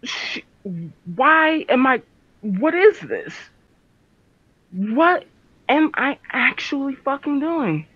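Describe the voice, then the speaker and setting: A man's voice: high-pitched, dry recording, heavily acted. A man voicing a distraught, furious young werewolf medic who swears a lot and stammers. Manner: profane, stammering, swings between loud and muttered. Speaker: tabletop game player. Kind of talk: in-character role-play. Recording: dull dry lo-fi recording.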